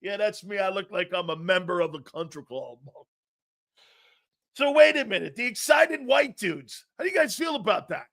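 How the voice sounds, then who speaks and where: A middle-aged man from Connecticut hosting a live sports talk show. He jokes loudly, laughs often and reacts to viewer chat with lots of fillers. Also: high-pitched, normal speed, long pauses. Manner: excitable and jokey, loud outbursts, frequent laughs and fillers.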